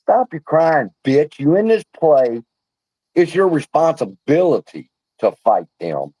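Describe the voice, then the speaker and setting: A man's voice: fairly high pitch, big pitch swings, unhurried, warm tone, slightly rough, dry recording, low-quality recording. A man hosting a livestream, ranting in a blunt, profane, fired-up way. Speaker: livestream host. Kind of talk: heated casual livestream rant.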